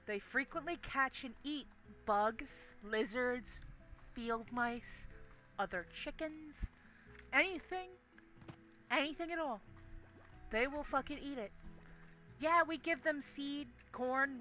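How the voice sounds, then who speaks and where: A young woman on a game stream tells a story with swearing and emphasis. Her voice is high and bright, and faint music plays under it. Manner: animated, profane, emphatic storyteller.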